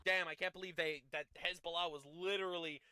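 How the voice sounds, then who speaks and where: Bright, mocking male streamer. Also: sits high, fast talker, clean tone, no room sound. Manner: mocking, bursts into loud excited outbursts. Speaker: live-stream host. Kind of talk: live-stream commentary.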